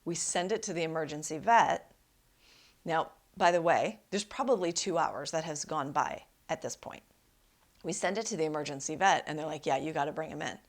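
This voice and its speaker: A woman with a deep voice speaks at a moderate pace. She's a life coach on her solo podcast, telling a personal story and giving relationship advice emphatically and conversationally, often asking "right?".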